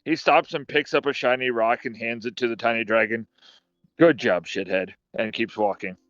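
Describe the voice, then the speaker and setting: A man playing a tabletop game, dry and deadpan, narrating his character. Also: medium pitch, fairly quick, no room sound. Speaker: player. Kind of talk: casual tabletop game chat. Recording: dull lo-fi mic.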